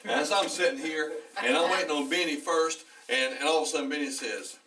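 A pastor telling a story in a sermon, animated and often laughing as the congregation chimes in. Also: male voice, on the high side, unhurried, pauses often. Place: church hall. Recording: distant church recording.

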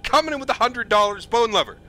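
A young man with a high, bright voice talks through a flight simulator stream. He is upbeat and effusive, thanking donors again and again between cockpit steps. His delivery stays loose and chatty. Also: expressive, quick pace, a little hiss or hum. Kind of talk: live gameplay commentary.

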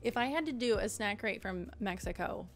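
A woman's voice: medium pitch, lively intonation, normal speed, soft background music. A young woman streamer chatting casually and joking as she taste-tests snacks, often giggling. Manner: bubbly, jokey, giggly. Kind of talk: casual taste-test chat.

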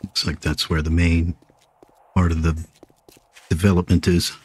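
Husky low-voiced man with hiccups. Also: level tone, a little slow, darkish tone. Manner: chatty, talks to himself while playing. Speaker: gaming video host. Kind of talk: casual gameplay commentary.

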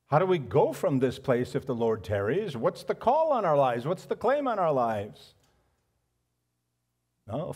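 A man preaching a sermon as pastor, swinging between hushed, reflective lines and loud, animated outbursts. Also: medium pitch, husky. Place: church sanctuary.

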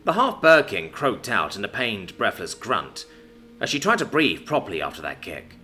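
Lively-voiced male story narrator. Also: on the low side, moderate pace, soft background music. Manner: expressive dramatic reading. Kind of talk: scripted narration.

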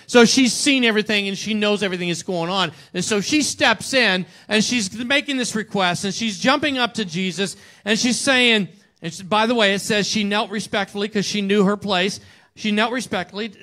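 A male pastor with a high, sharp voice delivers a conversational sermon to his church congregation. He often checks in with a rhetorical "right?" and acts out quotes.

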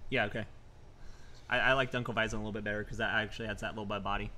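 A man in a casual live-stream chat, halting and heavy on fillers. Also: on the low side, level tone, sharp tone. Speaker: podcast co-host.

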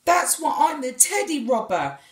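A lonely giant who steals teddies, put on by a woman reading a storybook aloud, raised high and loud above her reading voice and slowed down. He booms and weeps in turn. The room around him rings with echo. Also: very animated, recorded from a distance. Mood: booming, wailing. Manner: booming then weepy.

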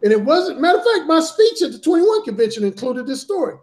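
A man's voice: very high-pitched, very animated, fast talker, a little mellow. Blunt, profane male storyteller. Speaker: podcast guest, dating author. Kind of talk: casual storytelling in a talk show.

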